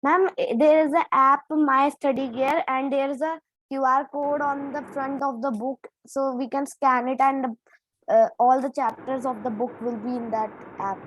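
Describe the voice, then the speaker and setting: A female student, answering politely and eagerly in an online class, a bit halting. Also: sits high, steady tone, slight background noise, poor audio. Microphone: video call.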